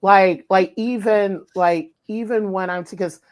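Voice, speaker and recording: A woman's voice: medium pitch, unhurried. A woman podcast host who also teaches, interviewing an author in an enthusiastic, chatty way. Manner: enthusiastic, animated, many fillers. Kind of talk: casual interview chat.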